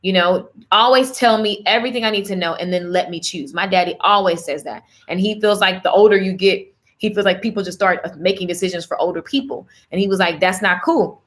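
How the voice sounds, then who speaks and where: A woman business coach talking straight to her viewers, chatty and animated. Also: mid-range voice, fairly quick, few pauses. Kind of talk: livestream coaching pitch.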